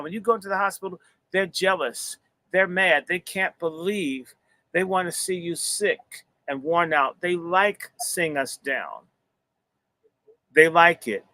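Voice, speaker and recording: A man's voice: medium pitch, pushed and bright. A man hosting a livestream, talking in a rambling, profane, sermon-like way. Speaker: host and minister. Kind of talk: preacherly livestream talk.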